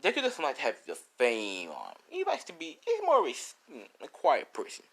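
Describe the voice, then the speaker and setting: A man's voice: mid-range voice, huge pitch swings, fairly quick, creaky, a little hiss or hum. A man telling an improvised fan story in a casual, rambling way with many restarts.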